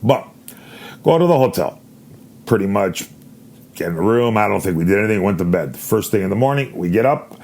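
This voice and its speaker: A man hosts a podcast on his own, spinning a long, rambling story full of swearing and animated retellings. His voice sits low and has a husky, gravelly rasp. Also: a little fast, long pauses. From Canada. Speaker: podcast host. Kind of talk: casual storytelling.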